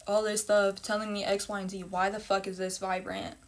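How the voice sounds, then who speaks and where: A woman's voice: mid-range voice, flat delivery, a little fast. A young woman telling a personal story in a casual storytime monologue, blunt and emphatic, with heavy swearing and repeated phrases.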